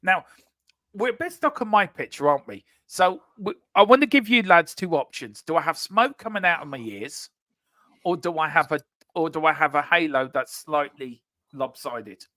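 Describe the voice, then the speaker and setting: A man's voice: fairly high pitch, lively intonation, moderate pace, sharp tone, no room sound, clean studio sound. A man hosting a casual live stream, jokey and teasing, reading viewers' chat aloud over a remote call. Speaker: livestream show host.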